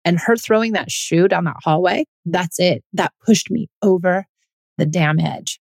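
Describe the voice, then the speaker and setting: A woman's voice: fairly low pitch, measured pace, gravelly, no room sound. A woman in her thirties, a mother, speaking candidly and reflectively in a personal monologue. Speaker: mother telling her parenting story.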